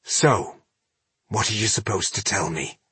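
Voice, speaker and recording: A stern, commanding dwarf who speaks with firm authority and cold menace, as a narrator plays him. The voice is husky and slightly raised, recorded dry and close. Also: male voice, lowish voice, unhurried, pushed and bright, dry recording, full character voice. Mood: threatening. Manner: firm, threatening.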